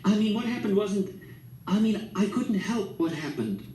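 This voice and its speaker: A man voicing a distressed, proper young woman who pleads softly through tears. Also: sits high, expressive, moderate pace, voice pushed up. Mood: pleading. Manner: pleading, soft-spoken, tearful. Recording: echoey room, distant mic, faint hiss.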